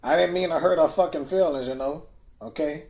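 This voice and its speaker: Upset New man, slightly high voice, stammering livestream ramble, trailing "you know?". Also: fairly quick. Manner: stammers, repeating words several times; ends phrases with a soft, trailing "you know?". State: upset and near tears. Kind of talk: rambling personal livestream monologue.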